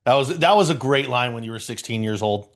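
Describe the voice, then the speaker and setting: A man's voice: medium pitch, animated, quick pace. Laid-back swearing male co-host. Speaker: podcast co-host. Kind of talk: casual podcast chat.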